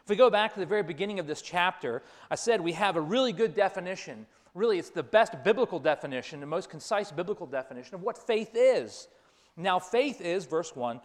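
A man's voice: high-pitched, expressive, fairly quick. A man preaching a sermon, telling a story and repeating key phrases for emphasis. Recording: long reverb of a large hall.

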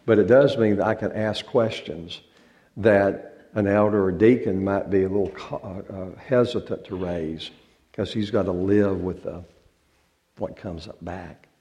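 A man with a drawl speaks in a church, in a low-pitched and mellow voice. His talk to the congregation is folksy and joking, and he stretches out words for effect. He sounds like a pastor talking with his flock instead of preaching at them. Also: fairly even intonation, unhurried, highs cut off. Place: church sanctuary.

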